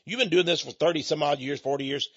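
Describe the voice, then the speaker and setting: A man's voice: on the high side, quick pace, fairly bright tone. An older man preaching a folksy, rambling sermon monologue with chuckling asides, speaking as the head of his own ministry. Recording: dull lo-fi recording.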